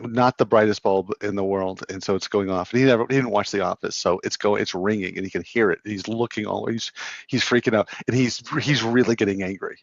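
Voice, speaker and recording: A man's voice: on the low side, fairly even intonation, a little fast, creaky, no room sound. Middle-aged male co-host, self-mocking rambler, muffled dry recording. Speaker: sales consultant, podcast co-host. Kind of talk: casual chat.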